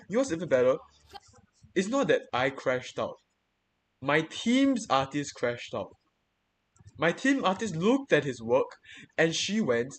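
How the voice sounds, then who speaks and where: A man's voice: on the high side, very animated, unhurried, husky, soft background music. A young man venting in casual chat, swearing freely and rambling through many restarts and repeated words.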